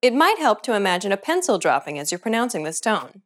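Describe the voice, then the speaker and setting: A woman narrating a scripted language lesson in a clear, measured instructional way. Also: mid-range voice, sing-song. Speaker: language teacher.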